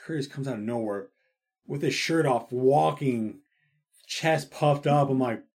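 A man's voice: mid-range voice, a little slow, darkish tone, breathy edge. A young man in casual chat with a coworker, laid-back and swearing, acting out quotes. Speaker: coworker chatting.

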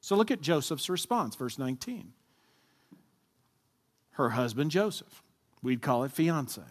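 Male pastor, lively sermon delivery, draws answers from the congregation, long church reverb. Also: medium pitch, unhurried. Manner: talks with the congregation, asking them to answer aloud.

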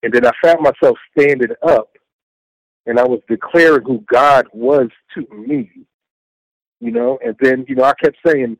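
A man's voice: medium pitch, animated, normal speed, vocal fry, dry recording, rough recording. A middle-aged man recounting his faith testimony as an interview guest, telling it earnestly with lots of repetition and acting out what he said. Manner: earnest, repetitive storytelling with acted-out self-quotes.

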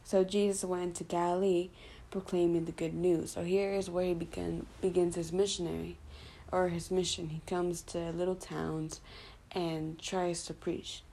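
A woman's voice: on the low side, little pitch movement, normal speed, gravelly, mellow. A woman casually retelling a Bible passage as a study presenter, loose and conversational, with fillers and self-corrections.

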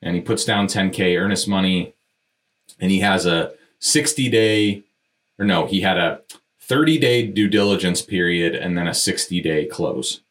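A man with a deep, low-pitched voice tells a story in a candid, conversational monologue. He is blunt and frank, drops casual swearing, and talks right to his listeners like a podcast host. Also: normal speed, a bit bright. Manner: conversational, addresses listeners directly. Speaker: podcast host and real estate developer.

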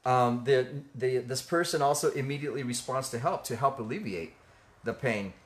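A man of middling pitch co-hosts a faith discussion in an earnest, conversational teaching style. He speaks haltingly, with frequent fillers, repeated words and restarts. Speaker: ministry co-host.

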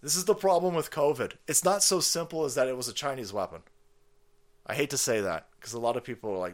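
A man's voice: medium pitch, fast talker. A man hosting a stream, ranting in angry, swearing, mocking commentary on a played clip. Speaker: stream host.

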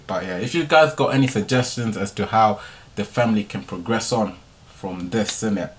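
Young man, podcast host, casual story monologue, slangy tag questions, lowish voice. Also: normal speed. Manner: laid-back slangy delivery, tag questions.

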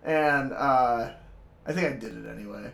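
A man's voice: medium pitch, normal speed, vocal fry, fairly bright tone. A young man in his twenties telling a story in casual chat, laughing often, swearing and acting out quotes.

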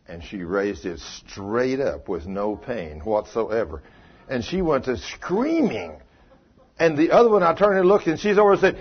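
Preacher guy telling a story, husky voice, muffled dull recording. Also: mid-range voice, unhurried. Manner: folksy, swings from hushed to loud and excited. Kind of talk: sermon storytelling.

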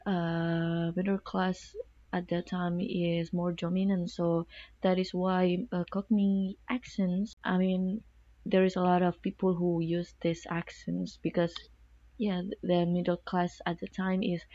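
A woman student in a casual discussion, talking haltingly with many fillers. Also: on the low side, little pitch movement, mellow, no room sound, lo-fi sound.

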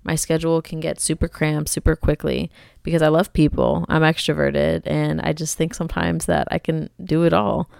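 A woman's voice: sits low, flat delivery, moderate pace, creaky, a little mellow, smooth, dry recording, studio quality. A young woman hosting a faith podcast, talking in an earnest, conversational, encouraging way. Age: young adult. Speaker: podcast host.

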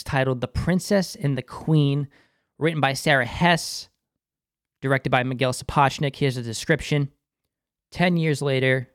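Boston guy reviewing a tv episode, excited and chatty, dry room, middle voice. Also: medium pitch, smooth, no room sound. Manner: enthusiastic, talks about himself in third person. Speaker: TV review host.

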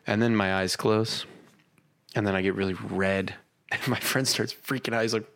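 A man's voice: lowish voice, steady tone, brisk. A young man in his twenties, co-hosting a casual comedy podcast and telling rambling stories full of quoted asides. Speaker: podcast co-host.

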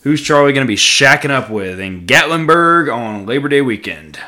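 A young man hosting a casual solo podcast, rambling and joking, with sudden loud outbursts. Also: mid-range voice, animated, moderate pace. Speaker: podcast host.

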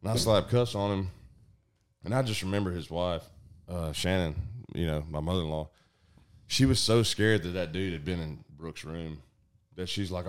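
This is a man with a deep, low voice and a drawl, recounting a story to a group of friends. He talks loosely and profanely, and throws himself into the retelling by acting out the shouts and quoted lines. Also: moderate pace, smooth. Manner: profane, animated, acts out voices. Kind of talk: casual storytelling.

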